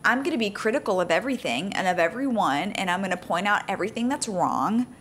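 A woman co-hosts a relaxed married-couple podcast. She talks casually and animatedly, laughing often and speeding through explanations at a mid pitch. A faint rumble of noise sits behind her voice. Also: fast talker. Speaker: podcast co-host.

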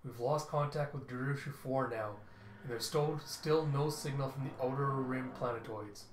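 A man's voice: medium pitch, normal speed, a little hiss or hum, close to an everyday voice. A tired, protective father on a far colony world, speaking grimly and plainly as a man reads his lines from a comic. The voice sits in a middle register. It rings in a roomy space. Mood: worried. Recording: roomy echo.

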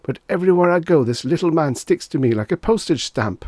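A tipsy, foppish young man-about-town, put on by a male narrator, his voice pitched well up and loud as he blurts out flustered, indignant cries. The recording is dry and close. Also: animated, brisk, no echo. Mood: alarmed.

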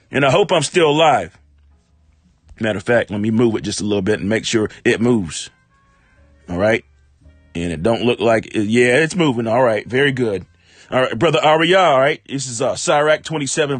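A man preaching a live-streamed sermon, reading scripture slowly and breaking into animated, casual commentary with sudden exclamations. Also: high voice, breathy edge, dry recording. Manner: reads verses slowly, then comments in casual speech.

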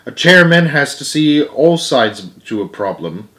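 A man reading a storybook aloud, voicing a small, earnest mouse who acts as a solemn, fair-minded teacher, in a lively, emphatic voice. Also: unhurried. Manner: lively, emphatic, higher and louder than his narration.

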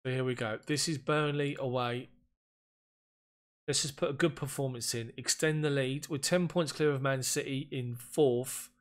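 Man, game commentary, excitable, frustrated, mid-pitched voice. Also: normal speed. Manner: excitable, frustrated, groans at missed chances. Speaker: gaming YouTuber.

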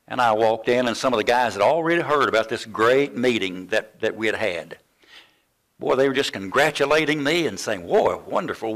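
An older pastor preaches a sermon and tells a story from his student days, animatedly acting out the voices of the people in it. His voice sits at medium pitch with vocal fry.

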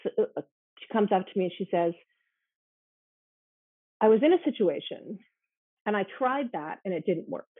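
A woman speaks as an interview guest in a husky, breathy voice, earnest and emphatic. The sound is thin and phone-like, as over a video call, with a dry, close feel. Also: mid-range voice, animated, moderate pace, long pauses, no room sound. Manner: earnest, grows emotional and emphatic. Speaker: self-defense instructor, interview guest. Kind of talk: conversational interview.

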